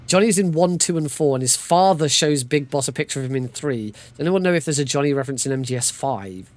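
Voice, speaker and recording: A man's voice: on the high side, expressive, fast talker. A man giving casual, joking live commentary while playing through a video game speedrun. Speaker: speedrunner streamer. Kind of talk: live commentary over gameplay.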